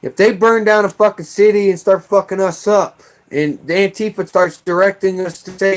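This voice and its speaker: A man's voice: high voice, steady tone, normal speed. An American man in middle age delivering an angry, profane political rant with heated outbursts. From United States. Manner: heated, profane, shouting bursts.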